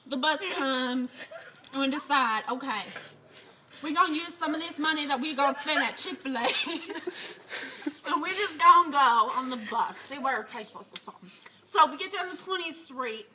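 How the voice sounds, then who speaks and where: A man voicing a brash, crude young woman who laughs through her loud improvised comic story. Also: extremely high pitch, normal speed, background noise.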